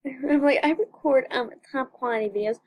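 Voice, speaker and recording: Young female channel host with a high voice; casual, dramatic gameplay commentary with lots of repetition. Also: moderate pace, darkish tone. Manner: chatty, dramatic, repeats phrases.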